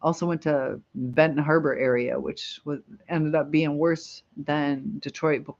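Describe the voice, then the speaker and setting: A woman's voice: deep voice, fairly even intonation, a little slow, a little mellow. Rambling woman on lo-fi livestream. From Michigan, USA. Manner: rambling, reads viewer comments aloud, laughs often. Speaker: livestream host. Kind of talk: casual live chat.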